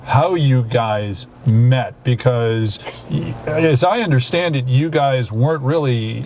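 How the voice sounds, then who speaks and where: A man's voice: medium pitch, slow, a little mellow. A man hosting a talk show, asking curious follow-up questions. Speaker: host. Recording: background noise.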